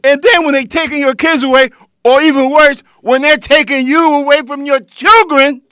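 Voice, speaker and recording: A man's voice: very high voice, fairly even intonation, moderate pace, fairly bright tone, dry recording. A man hosting his own show, giving an impassioned, confrontational political commentary that speaks straight to his listeners. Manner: lecturing, confrontational, addresses listeners directly.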